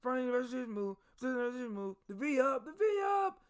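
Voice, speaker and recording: A man putting on an army drill sergeant who shouts clipped commands and counts out cadence. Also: very high-pitched, sing-song, rapid-fire, clear, resonant tone, pitched above the performer's own voice. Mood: barking orders. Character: loud barking male army drill sergeant.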